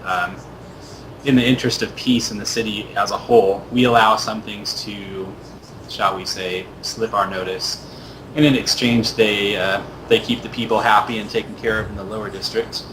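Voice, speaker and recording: Guy doing a calm paladin official, low voice, measured and diplomatic, humming noise behind. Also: lightly acted.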